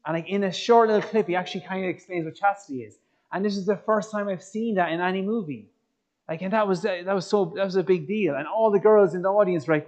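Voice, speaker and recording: An Irish man giving a lively, joking faith talk to young people, quizzing the audience as he goes. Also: high voice, fast talker, lo-fi sound. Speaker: youth speaker.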